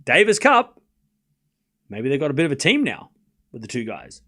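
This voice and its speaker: A man's voice: medium pitch, moderate pace, breathy edge. A man hosting a live tennis watchalong stream, calling scores and joking with chat. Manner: animated, joking, reads scores aloud while chatting with viewers. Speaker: livestream tennis watchalong host. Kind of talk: casual live commentary chat.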